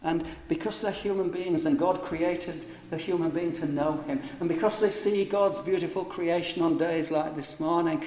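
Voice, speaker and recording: Emphatic preacher in echoey hall. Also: male voice, high voice, a little mellow. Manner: emphatic, rhetorical questions, varies pace for stress. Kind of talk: sermon. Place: church. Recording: echoey church hall with long reverb.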